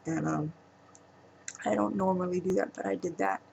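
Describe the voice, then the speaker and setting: A woman speaking in a personal vlog monologue, halting and emotional, trailing off with pauses. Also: lowish voice, gravelly, darkish tone, highs cut off, slight background noise. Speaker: vlogger.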